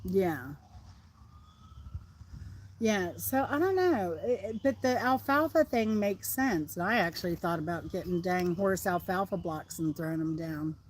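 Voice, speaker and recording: A woman's voice: fairly low pitch, lively intonation, unhurried, slight background noise. A middle-aged woman with a Southern American accent, chatting casually and rambling on a livestream while outdoors. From Southern United States. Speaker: livestream host.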